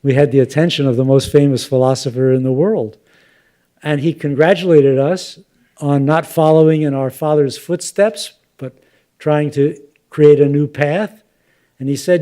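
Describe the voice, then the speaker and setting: An older man giving a relaxed academic lecture, thoughtful and unhurried, with fillers and asides. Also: fairly high pitch. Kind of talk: public lecture with slides.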